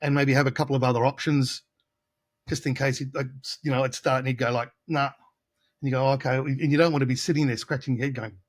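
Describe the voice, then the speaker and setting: A man's voice: medium pitch, fairly even intonation, fast. A middle-aged man from Australia, a guitarist telling casual studio anecdotes in an interview, acting out the voices of people he quotes. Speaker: guest guitarist.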